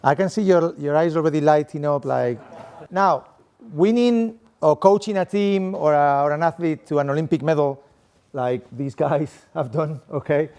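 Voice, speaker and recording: Middle-aged man with a Spanish accent, slightly high voice; chatty, playful lecturer working the room. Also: normal speed, darkish tone, clear, resonant tone. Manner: playful, chatty, tags lines with "okay?". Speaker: sport coaching professor giving a talk. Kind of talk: interactive talk to a live audience. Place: room with a seated audience at desks.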